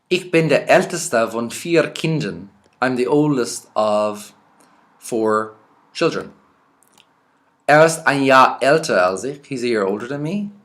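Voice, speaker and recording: An Irish man teaching a vocabulary lesson, reading each word out and then explaining it in a relaxed, chatty way. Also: medium pitch. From Ireland. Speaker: language teacher.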